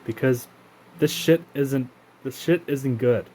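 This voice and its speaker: A man's voice: medium pitch, takes it slowly, mellow. A man hosting his own channel, talking in an indignant, profane rant that halts often and restarts its sentences. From Canada. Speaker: channel host. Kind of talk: casual spoken rant to camera.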